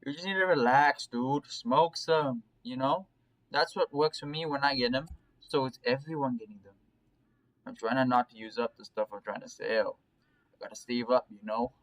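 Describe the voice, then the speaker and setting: A man voicing a gruff young male dealer who talks bluntly and crudely, reading a game aloud. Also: medium pitch, moderate pace, a bit bright, natural voice, poor audio. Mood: offhand.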